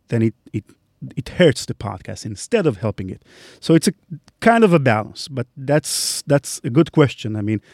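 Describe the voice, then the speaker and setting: A man's voice: mid-range voice, a little mellow, dry recording, studio quality. A man with a Hebrew accent, a podcast host chatting on a live panel, often laughing as he talks.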